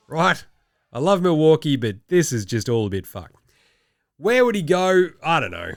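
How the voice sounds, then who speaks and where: A man hosting a casual, sweary sports commentary show, full of sarcastic, animated rants. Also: fairly high pitch, normal speed, creaky, dry recording, studio quality, soft background music. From Australia. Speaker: podcast host.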